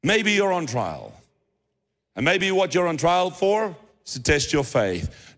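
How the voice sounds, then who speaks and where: In a church hall with a long, ringing reverb, a South African pastor delivers a sermon in a casual, conversational way, restarting and repeating phrases as he goes. His voice is fairly high and sing-song, fairly bright in tone, at a normal speed.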